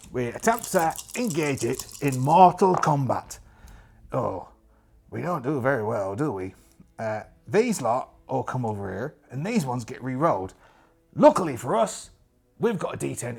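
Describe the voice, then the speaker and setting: A man's voice: medium pitch, vocal fry, darkish tone, breathy edge. A man narrating a solo tabletop game in character, chatty and jokey, talking to himself as he rolls dice. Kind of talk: in-character actual-play narration.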